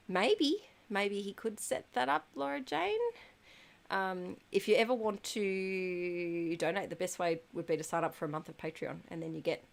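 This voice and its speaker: A woman in her thirties hosts a relaxed live stream, answering chat messages one by one. Her voice sits on the low side and she talks at an unhurried pace, filling pauses with ums and small giggles. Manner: chatty, frequent ums, giggles. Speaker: livestream host reading chat.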